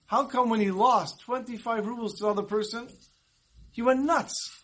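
A man's voice: very high-pitched, fairly even intonation, moderate pace, a bit bright, pitched above the performer's own voice. A man doing a baffled old rabbi judge. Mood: bewildered. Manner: bewildered, earnest questioning. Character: puzzled elderly male rabbi judge.

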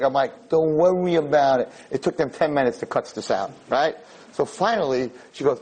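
A man, a rabbi, giving a Torah lecture full of stories, acting out dialogue and building to near-shouted emphasis. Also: medium pitch, brisk, breathy edge.

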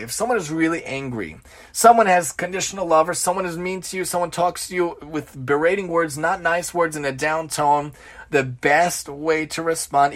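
A man hosting an informal Torah lesson who piles up repeated, emphatic lists. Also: a little high. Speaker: religious teacher and show host.

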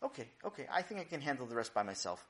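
A man voicing a father, patient, joking, slightly stammering, lively pitch. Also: very fast.

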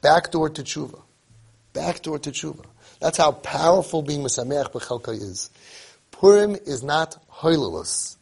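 A man's voice: on the high side, expressive, a little slow, creaky, husky. A man giving an emphatic sermon, repeating phrases and telling a story.

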